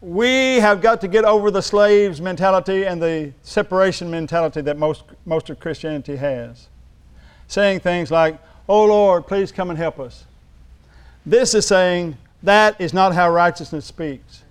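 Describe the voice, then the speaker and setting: A man preaching a sermon in a church, joking with the congregation and building to emphatic, shouted lines. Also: high voice, moderate pace, clear, resonant tone.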